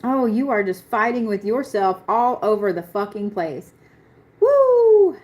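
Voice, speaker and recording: A woman's voice: mid-range voice, moderate pace. A young adult woman doing a live astrology reading, talking bluntly, swearing and laughing often as she speaks. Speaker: astrology reader. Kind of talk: live-stream chart reading.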